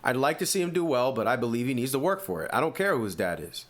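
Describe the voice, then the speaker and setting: With a mid-range voice and a quick pace, this East Coast American man from the Northeast hosts a sports podcast. He offers strongly opinionated, animated commentary, asking one rhetorical question after another.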